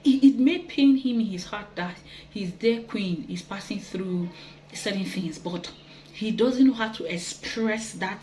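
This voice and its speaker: A woman talks earnestly and gently, giving advice to wives. Her pitch sits in a middle range. A faint hiss runs under the recording. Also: unhurried, poor audio. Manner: gentle, earnest, with soft laughs and quoted asides. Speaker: relationship teacher.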